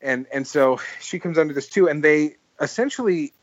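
A man's voice: a little high, animated, moderate pace, dry recording. Rambling man telling stories, dull dry sound. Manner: rambling, full of "like" and restarts, laughs while telling stories. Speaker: podcast host. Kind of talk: casual storytelling chat.

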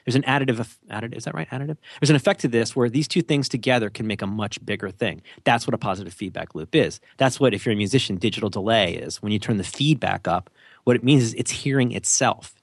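A man's voice: mid-range voice, fast talker, creaky, breathy edge, no room sound, clean studio sound. A man co-hosting a podcast, talking in a casual, rambling, jokey way and often cutting himself off. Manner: animated, jokey, rambling with self-interruptions. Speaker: podcast co-host.

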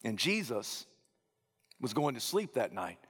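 A man preaching a sermon, rising to loud emphatic peaks and dropping to low, hushed phrases. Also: sing-song, a little slow, husky, in a large hall.

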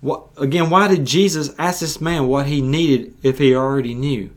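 A man's voice: medium pitch, fairly even intonation, moderate pace. Earnest preaching man. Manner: earnest, repetitive, with frequent restarts. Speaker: preacher, podcast host. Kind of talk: sermon.

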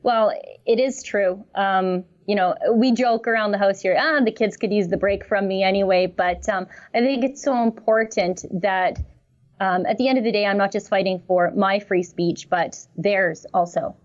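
A woman in her thirties or forties answers an interviewer calmly and earnestly. Her voice sits at a middle pitch, and the sound is somewhat dull and lo-fi. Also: normal speed. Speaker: guest.

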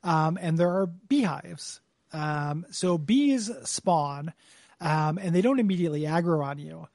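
A man's voice: fairly high pitch, a little slow, vocal fry, darkish tone, no echo, studio quality. A man co-hosting a podcast, chatting casually and jokingly about a video game, with lots of fillers and the odd swear. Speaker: podcast co-host.

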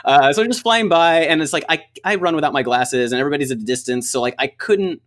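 A man in casual chat, telling a lively story with lots of filler words and frequent laughs. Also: on the high side, fast talker. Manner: rambling, filler-heavy, laughs often.

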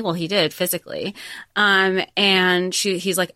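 An animated woman co-hosts a casual podcast chat, breaking into quoted lines as she talks. Her voice sits at an ordinary middle pitch and sounds dry and close to the mic. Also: normal speed, no echo. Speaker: podcast co-host.

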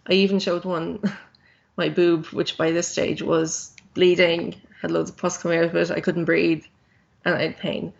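Woman in her thirties, gravelly, candid, plain-spoken, lots of ums, dull lo-fi audio. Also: lowish voice, flat delivery, moderate pace. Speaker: guest. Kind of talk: telling her story in a podcast interview.

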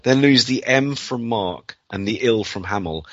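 A man's voice: mid-range voice, measured pace, a bit bright, dry recording, muffled recording. A man hosting a casual podcast chat, talking in an emotional, playful way. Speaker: podcast host.

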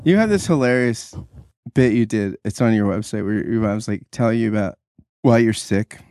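A man's voice: lowish voice, normal speed, a little mellow, clean tone, no echo, clean studio sound. A man hosting an interview, eager and stumbling over restarts as he talks. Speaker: interview host. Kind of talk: casual interview chat.

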